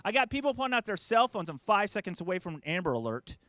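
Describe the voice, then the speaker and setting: High voiced middle-aged guy doing standup, jumpy animated delivery, dry close sound. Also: fast, no echo. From United States. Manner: animated, acts out family members in quoted voices. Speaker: stand-up comedian. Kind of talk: stand-up comedy set.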